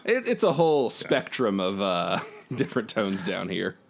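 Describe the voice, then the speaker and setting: A man's voice: fairly low pitch, big pitch swings, normal speed, creaky, dull audio, slight background noise. Laid-back podcast man. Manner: laid-back, swears casually. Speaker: podcast co-host. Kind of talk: casual chat.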